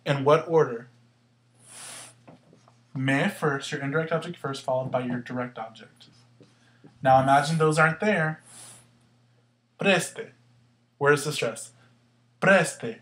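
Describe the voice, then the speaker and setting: A man teaching a language lesson step by step, asking questions and answering them himself and slowly sounding out words to show where the stress falls. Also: medium pitch, steady tone, a bit bright. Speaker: Spanish teacher. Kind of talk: explaining grammar step by step.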